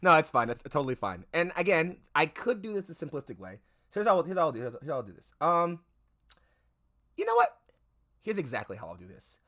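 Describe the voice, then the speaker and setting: A man's voice: on the high side, huge pitch swings, brisk, pushed and bright. A man running a tabletop game as game master, rambling through fillers and self-corrections, and swearing now and then. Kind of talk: narrating a tabletop game on stream.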